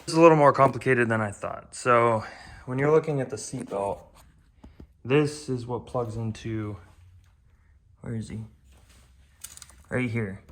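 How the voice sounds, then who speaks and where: A young man talks through his car project in a loose, blunt vlog manner. He swears freely and pokes fun at himself. His voice sits at an everyday middle pitch. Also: unhurried, long pauses, a little hiss or hum. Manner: blunt, swearing, self-deprecating. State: out of breath. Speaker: car vlogger. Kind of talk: casual vlog. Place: home garage.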